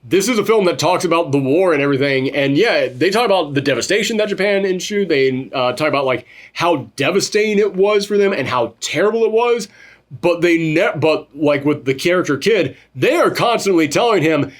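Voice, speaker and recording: A man co-hosting a casual film review chat, animated, swearing freely and mimicking characters as he goes. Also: on the high side, brisk. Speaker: podcast co-host reviewing a film.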